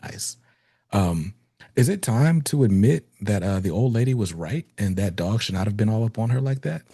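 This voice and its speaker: A man's voice: lowish voice, expressive, moderate pace, mellow, slightly rough, dry recording, clean studio sound. A man hosting a casual comics podcast interview, easygoing and loose, asking open questions with lots of filler words. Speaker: podcast host.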